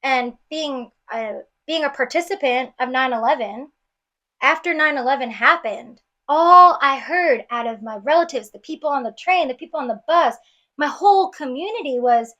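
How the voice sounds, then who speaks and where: A woman's voice: sits high, normal speed, sharp tone. A woman from New York City, a podcast guest, earnestly retelling a painful personal story with many restarts. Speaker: guest auditioning as co-host.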